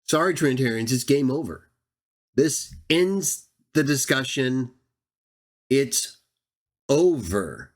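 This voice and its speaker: A man delivering argumentative scripture commentary at a slow, deliberate pace. He speaks straight at his opponents with a sarcastic, combative edge. He draws out the verses he reads aloud for emphasis. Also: medium pitch. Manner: drawn-out emphatic reading of verses. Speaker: Bible teacher and channel host.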